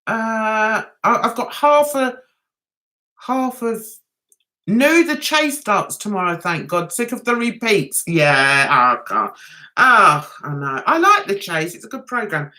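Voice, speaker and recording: A woman's voice: a little high, very animated, a little slow, bright, forceful tone. An older woman, hosting a casual livestream chat and rambling with giggles. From England. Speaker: livestream host.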